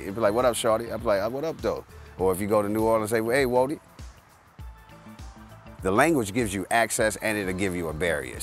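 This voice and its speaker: Easygoing male interviewee with a lowish voice. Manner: easygoing, demonstrates phrases. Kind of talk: casual interview talk.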